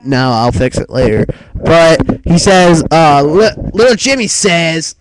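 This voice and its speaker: A man's voice: on the high side, lively intonation, a little slow, noisy background. A man co-hosting a casual talk show, recapping matches in a loose, rambling way, full of fillers and offhand swearing. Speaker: co-host of a wrestling talk show. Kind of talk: casual chat recapping a wrestling broadcast.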